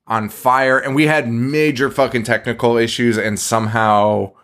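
A relaxed man chatting as a podcast co-host, mid-pitched and easygoing. He swears freely and breaks into laughter often as he talks. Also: moderate pace. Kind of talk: casual chat.

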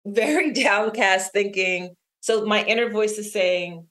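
Lively middle-aged woman telling a story. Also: mid-range voice, normal speed, hardly any pauses. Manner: lively storyteller who laughs often. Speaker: interview guest, author and creativity strategist. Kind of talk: storytelling in conversation.

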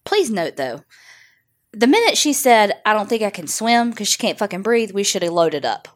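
A woman's voice: medium pitch, big pitch swings, moderate pace. A woman, chatting on a podcast in a blunt, joking way with frequent swearing. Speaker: podcast co-host. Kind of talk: casual chat.

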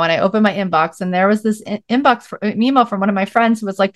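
A woman's voice: medium pitch, rapid-fire, hardly any pauses, no echo, studio quality. Chatty woman telling her story. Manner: chatty, many "like"s, acts out her own quotes. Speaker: podcast guest. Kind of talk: casual storytelling conversation.

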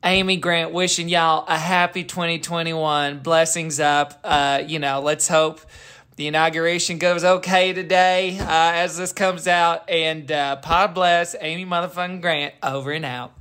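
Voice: medium pitch, little pitch movement, measured pace, fairly bright tone, smooth, close to an everyday voice. A performer putting on a famous singer's persona to announce a podcast outro, brash and rambling, swearing freely. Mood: brassy, rambling. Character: an over-the-top impression of a famous Christian pop singer. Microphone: home studio mic made to sound like a phone memo.

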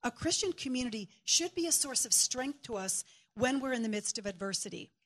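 A high-voiced woman preaches in a church, swinging between scripture and a funny family story. She laughs easily and tells it with lively energy. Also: fairly quick. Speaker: guest preacher. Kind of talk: shared sermon with storytelling.

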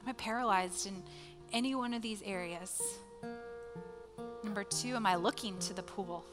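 A woman's voice: medium pitch, normal speed. A woman in her thirties, a pastor, giving a sermon through earnest, emotional personal storytelling. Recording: hall reverb with soft music behind.

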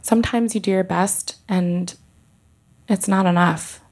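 A woman doctor telling a personal story on stage, halting and emotional, with many restarts and pauses. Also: mid-range voice, steady tone, a little mellow.

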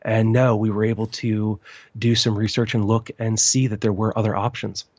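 A man's voice: on the low side, level tone, normal speed, darkish tone, no room sound. A man in his forties, an interview guest from the United States, talking earnestly and reflectively in long, winding sentences. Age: 40s. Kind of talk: casual interview chat. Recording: dull, slightly muffled, dry sound.

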